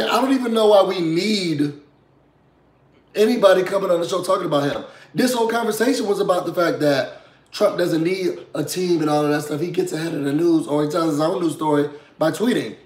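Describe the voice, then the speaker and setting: A man with a hoarse voice from feeling under the weather, chatting casually and sassily as he recaps a reality TV episode and checks in with viewers. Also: a little high, echoey room. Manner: chatty, sassy, asks "you know what I'm saying?".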